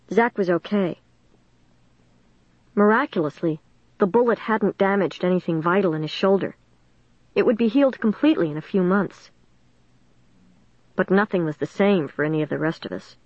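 A woman reading a first-person story aloud in a steady, measured way. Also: fairly low pitch, no room sound, lo-fi sound. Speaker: audiobook narrator.

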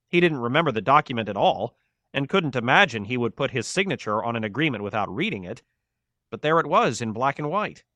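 A man reading a novel aloud in a steady, measured scripted narration. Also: mid-range voice, no room sound. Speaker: audiobook narrator.

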